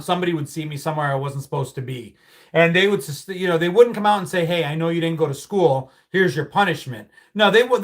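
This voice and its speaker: A middle-aged American man hosts a casual livestream, swearing freely as he loosely tells childhood stories and reads out viewer comments. His voice is a little high and fairly bright.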